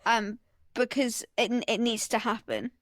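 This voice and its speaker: Playful woman, slightly high voice. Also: unhurried, a bit bright, no echo, clean studio sound. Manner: playful, self-mocking. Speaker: podcast co-host. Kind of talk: casual chat.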